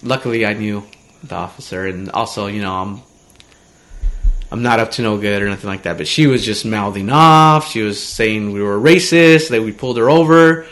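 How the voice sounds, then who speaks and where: A man's voice: on the low side, normal speed, fairly bright tone. Laid-back man, filler-heavy chat. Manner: loose, filler-heavy talk with many "like"s. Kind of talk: casual chat.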